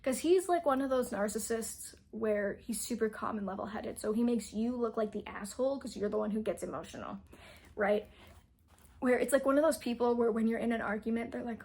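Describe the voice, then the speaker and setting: A woman's voice: a little high, normal speed, a little mellow, husky. A young adult woman casually recapping a novel's plot as a book reviewer, rambling and saying "like" constantly. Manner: rambling, heavy use of "like".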